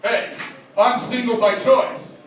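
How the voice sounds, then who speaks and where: A man's voice: very high-pitched, steady tone, slow pace, a little hiss or hum. A man doing an impression of a famous self-pitying comedian, firing off self-deprecating one-liners that each start with "hey.". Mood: hard-luck griping. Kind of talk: stand-up impression. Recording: very echoey, mic far off.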